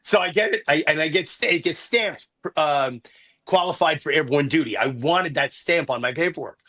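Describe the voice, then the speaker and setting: A man in his fifties, an Army chaplain and priest, telling stories in an animated, self-deprecating way. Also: a little high, normal speed. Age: 50s. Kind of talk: conversational storytelling.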